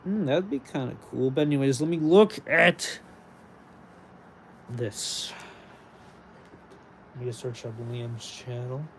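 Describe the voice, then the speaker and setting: A man streaming live, chatting casually with his viewers and reading their messages aloud in animated bursts. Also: mid-range voice, slow pace, creaky, long pauses, slight background noise. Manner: animated, reads chat aloud, excitable bursts. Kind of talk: casual livestream chat.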